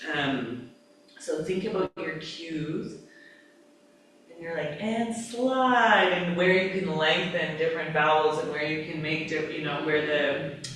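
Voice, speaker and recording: Yoga trainer, female, casual and animated, heavy room echo, faint background hum. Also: sits low. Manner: casual, lively, acts out cues, laughs often. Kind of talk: live teacher-training class talk. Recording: echoey room, mic far off.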